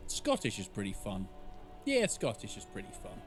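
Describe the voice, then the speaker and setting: A man's voice: fairly low pitch, wildly swooping pitch, normal speed, faint music behind. A man streaming a game live, chatting casually and joking with viewers, with profanity here and there. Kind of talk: live game playthrough with chat.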